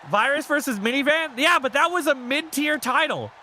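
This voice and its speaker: Excitable high-voiced gaming streamer. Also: male voice, a little hiss or hum. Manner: excitable, swears, baby-talks to pets. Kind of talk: casual gaming commentary.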